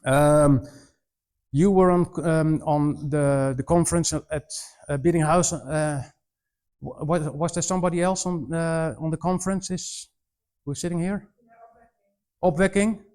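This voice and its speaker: A man's voice: on the high side, fairly even intonation, measured pace, pauses often, darkish tone. A middle-aged man from the Netherlands with a Dutch accent, giving a humorous presentation to students as a missionary, telling anecdotes with frequent restarts. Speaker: missionary speaker.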